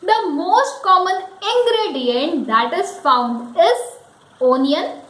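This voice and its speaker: A woman teaching pronunciation, slowly repeating each word several times. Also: extremely high pitch, big pitch swings, fairly bright tone, echoey room, rough recording. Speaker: English teacher. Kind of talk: pronunciation lesson.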